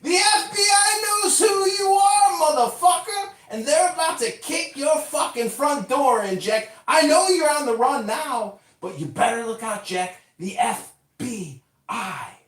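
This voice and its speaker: A woman yells furious insults during a live-stream call. Her high voice swings up and down. It sounds echoey and far from the mic. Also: expressive, a little slow. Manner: abusive, yelling. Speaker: caller. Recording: echoey, distant stream audio.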